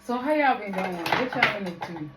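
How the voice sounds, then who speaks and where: A woman's voice: medium pitch, expressive, normal speed, echoey room, heavy background noise. A young woman from Louisiana, chatting casually to her viewers in a slangy, laughing vlog. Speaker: makeup artist vlogger.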